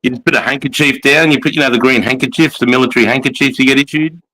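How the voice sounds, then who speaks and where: A man's voice: medium pitch, fairly even intonation, very fast, pushed and bright, poor audio. An Australian man hosting a casual livestream chat, telling army stories in a blunt, profane way. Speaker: host, army veteran.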